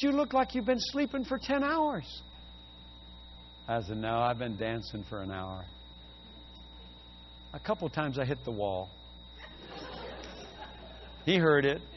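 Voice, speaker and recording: An older man preaching a sermon, telling a personal story and building to loud, fervent exclamations. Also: medium pitch, sing-song, measured pace, pauses often. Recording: dull lo-fi audio with faint hum.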